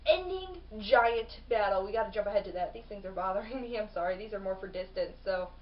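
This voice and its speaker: A woman reviewing books in a casual vlog, chatty and rambling, full of "like" and gushing with excitement. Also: mid-range voice, a little fast, slight background noise. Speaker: book reviewer. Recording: distant mic, dull lo-fi sound.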